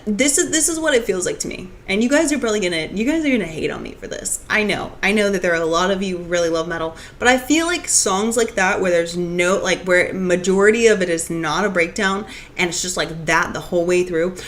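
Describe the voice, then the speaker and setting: A young woman chats on a casual live stream, rambling through her thoughts with plenty of "like"s and restarts. Her pitch sits in a middle range for a woman, and she talks to her viewers in an easy, conversational way. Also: lively intonation, a little fast, few pauses, fairly bright tone. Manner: rambling, restarts, many "like"s, reads chat comments aloud.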